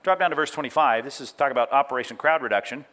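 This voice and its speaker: A man's voice: medium pitch, racing. A middle-aged man preaching a sermon, breaking into acted-out quotes and telling listeners to jot down references. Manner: animated preaching with acted-out quotes and asides to note-takers. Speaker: pastor.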